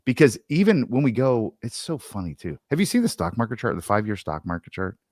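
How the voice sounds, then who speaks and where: Low-voiced, loose-talking podcast host man. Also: a little fast, dry recording, studio quality. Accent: Southern Indiana. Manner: loose, animated, with slang and many restarts. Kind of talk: casual sales podcast chat.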